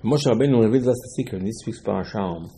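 A man giving a Torah lesson, animated, acting out dialogue with rhetorical questions and mixing Hebrew terms into English. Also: lowish voice, quick pace. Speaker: Torah teacher. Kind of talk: Torah lesson on the weekly portion.

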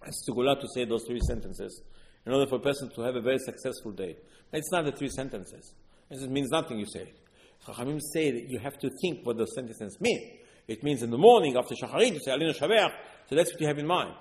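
A man giving an earnest Torah sermon, repeating words and bursting into loud emphasis. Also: medium pitch, lively intonation, fast. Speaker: religious teacher. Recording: long hall reverb.

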